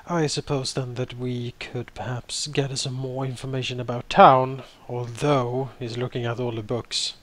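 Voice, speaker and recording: A man voicing a formal, guarded young male scholar in a tabletop game, often lowering his voice. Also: little pitch movement, normal speed, few pauses, natural voice. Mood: polite. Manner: formal, hushed. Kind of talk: tabletop character voice.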